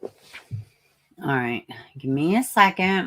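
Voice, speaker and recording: Woman, deep raspy voice, casual live-stream host who greets her chat. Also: expressive, a little slow, long pauses. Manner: chatty, greets viewers by name, asks for prayers. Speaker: livestream host.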